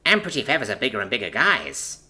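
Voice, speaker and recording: A man voicing an eager young alien woman, bubbly, blunt and excitable, in a raised voice. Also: fast, full character voice. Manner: bubbly, excitable, high-pitched. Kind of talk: audiobook character voice.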